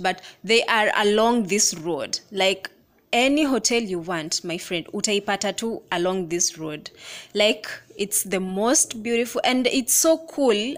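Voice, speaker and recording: A young Kenyan woman with a Kenyan accent, narrating a casual travel vlog from inside a moving minibus, excited and chatty, pointing out sights with the odd swear word. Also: mid-range voice. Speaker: vlogger.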